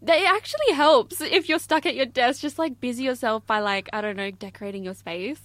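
A woman's voice: fairly high pitch, brisk, a bit bright, no room sound. Chatty young woman telling stories. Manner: chatty, rambling storyteller with quoted asides. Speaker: podcast co-host. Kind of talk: casual chat.

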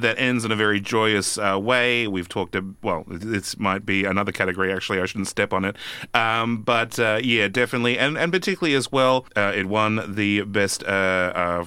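Man, podcast co-host, hesitant, lots of fillers, bright voice, dry close sound. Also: lowish voice, smooth, no echo. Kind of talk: casual film chat.

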